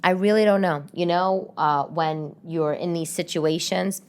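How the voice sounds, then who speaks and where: A woman's voice: on the low side, fairly even intonation, measured pace, a little mellow, clear, resonant tone. A woman, rambling casually as a podcast host from her home, with frequent restarts. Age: late 30s. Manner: chatty, rambling, many restarts. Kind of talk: casual solo podcast chat.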